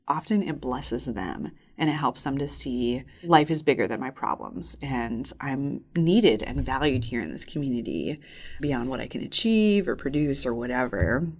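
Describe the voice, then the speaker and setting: A woman's voice: extremely low pitch, expressive, moderate pace, darkish tone. A woman in her thirties telling a personal faith story in an earnest, reflective way as a podcast guest. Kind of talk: personal testimony in conversation.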